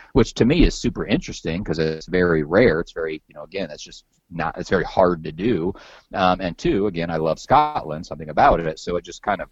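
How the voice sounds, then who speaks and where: Very deep-voiced rambling podcast host man. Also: slightly rough, no echo, highs cut off. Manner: rambling, loose and profane, heavy on "like" and repeated words. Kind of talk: casual chat.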